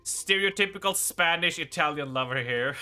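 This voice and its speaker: A man's voice: on the high side, normal speed, sharp tone, smooth, soft background music. A male streamer chatting casually with his viewers during a live game stream, joking and rambling as he goes. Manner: joking, rambling, often laughing at himself. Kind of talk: casual live-stream chat while gaming.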